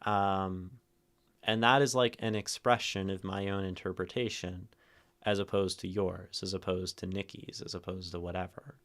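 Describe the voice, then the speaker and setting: A man's voice: sits low, steady tone, normal speed, a bit bright. A man musing aloud on a poetry stream. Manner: thoughtful, tags phrases with "right?"; plays with stress, rereading lines different ways. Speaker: streamer hosting a poetry reading. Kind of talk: livestream poetry analysis to chat. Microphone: streaming mic and camera.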